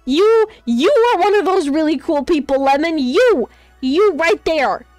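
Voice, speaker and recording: Woman streamer, high voice, dry close sound, gushing rambling chat. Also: expressive, measured pace, a little mellow, dry recording, faint music behind. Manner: gushing and rambling, with many restarts. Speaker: streamer host. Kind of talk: casual chat on a live stream.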